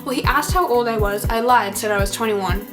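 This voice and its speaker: A woman's voice: fairly high pitch, brisk, music in the background. A young woman in her late teens telling a story in casual vlog chat, peppering her talk with "like" and the odd swear word. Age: young adult. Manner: chatty, heavy use of "like", swears. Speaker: vlogger.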